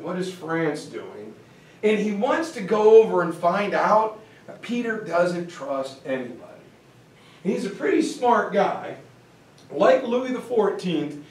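A history teacher with a high voice gives a lively, joking classroom lecture. He sounds far from the mic, and the room adds heavy echo. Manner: lively and joking, acts out quotes.

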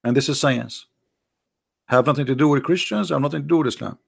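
A man's voice: medium pitch, fast talker, gravelly, slightly rough. A man giving sarcastic, argumentative commentary in broken English grammar. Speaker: religious debater. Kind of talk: mocking commentary.

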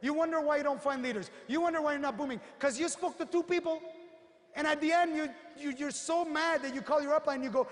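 Man, very high voice, animated storyteller, long echo of a big hall. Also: fast talker. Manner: animated storyteller, acts out quotes, punchy asides. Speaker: motivational speaker. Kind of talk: motivational seminar talk.

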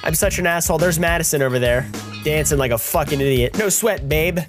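A young man giving crude, sarcastic commentary while playing a game, jumping between high mock voices and low mumbles. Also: brisk. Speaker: gaming commentator. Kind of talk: crude joking let's-play commentary. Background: faint game music.

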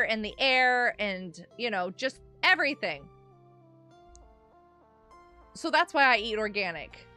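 Bright, high-voiced chatty woman. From United States. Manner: chatty and rambling, laughing often, with sudden squeals. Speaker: streamer. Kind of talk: casual live-stream chat while gaming. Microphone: microphone.

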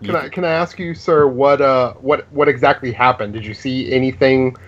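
A man's voice: medium pitch, normal speed, highs cut off, a little hiss or hum. A man playing a tabletop game, chatting playfully. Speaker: player. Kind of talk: casual game chat.

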